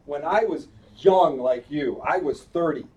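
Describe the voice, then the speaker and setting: A man's voice: a little high, a little slow. A man in his eighties, a cantor, telling a chatty, playful story during a synagogue service and asking the children questions as he goes. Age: 80s. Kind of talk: storytelling sermon to a congregation. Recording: distant live-stream audio with faint background noise.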